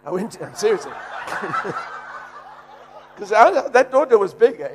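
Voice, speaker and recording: A middle-aged man preaching, animated, shouting and laughing as he tells a story. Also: sits high, a little slow, soft background music. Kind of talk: sermon storytelling.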